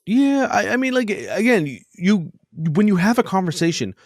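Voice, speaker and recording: A man co-hosting a casual podcast conversation. His pitch swings widely as he acts out quoted lines and swears freely. The sound is dry and close. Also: very animated, moderate pace, no room sound. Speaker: podcast co-host.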